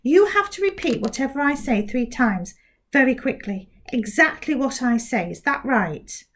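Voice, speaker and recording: A woman's voice: high-pitched, animated, normal speed, a bit bright, slight background noise. A woman voicing a clever young girl in a storybook, speaking carefully and precisely. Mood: determined.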